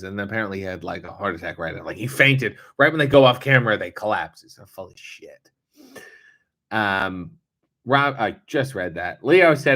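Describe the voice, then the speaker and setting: A man's voice: medium pitch, fairly bright tone. Wry man reading live chat. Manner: wry, sarcastic, swears casually. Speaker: livestream host reading chat.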